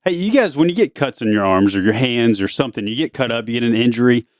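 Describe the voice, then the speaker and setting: A middle-aged father hosting a family podcast, talking in a playful, teasing way. His pitch swings up and down a lot as he talks. The sound is dry and close. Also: no room sound. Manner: teasing, playful, quotes people in a drawn-out deadpan. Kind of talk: casual family chat.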